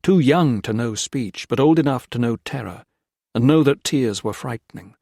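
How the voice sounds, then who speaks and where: Gravelly male audiobook narrator. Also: mid-range voice, normal speed, mellow, no echo, studio quality. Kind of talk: scripted narration.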